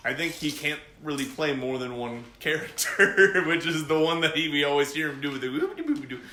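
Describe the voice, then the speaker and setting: A man's voice: fairly high pitch, very animated, brisk, sharp tone, echoey room, slight background noise. A man co-hosting a casual podcast aftershow, talking in easygoing, laid-back banter. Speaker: podcast co-host. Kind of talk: casual chat.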